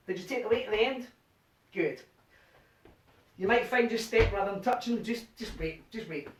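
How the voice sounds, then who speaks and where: A man's voice: high-pitched, normal speed, a little hiss or hum. Man calling dance counts in a roomy living room. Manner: counts steps aloud in a rhythmic chant. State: a bit out of breath. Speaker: line dance instructor. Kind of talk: teaching a dance workshop from home. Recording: roomy, distant home video sound.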